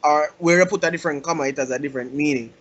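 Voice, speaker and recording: Podcast co-host, man, slightly high voice, rambling with restarts; dull audio, faint hiss. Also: very fast, fairly bright tone. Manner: rambling, restarts a lot, laughs easily. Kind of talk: casual podcast chat.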